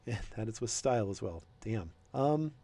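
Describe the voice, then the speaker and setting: A man running a tabletop game as game master, talking in a rambling, hesitant way with many pauses. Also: lowish voice, lively intonation, dark tone, no room sound. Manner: rambling, hesitant, lots of ums.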